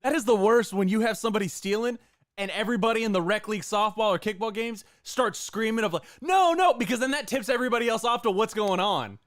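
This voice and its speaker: High-voiced man joking about baseball. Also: fast, fairly bright tone, no echo, studio quality. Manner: joking, explains plays at length. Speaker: co-host. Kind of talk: casual sports chat stream.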